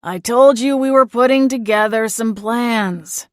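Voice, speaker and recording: A woman's voice: fairly high pitch, unhurried, dry recording, clean studio sound, natural voice. A woman voicing an exasperated, long-winded male small-town sheriff who talks down to others.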